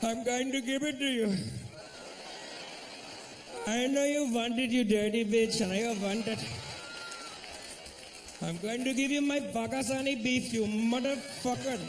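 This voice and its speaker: A man voicing a crude, pushy grown man boasting to a lover, high and loud. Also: fairly even intonation, a little slow, long pauses, roomy sound, noisy background. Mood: leering. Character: lusty, pushy grown man bragging in bed.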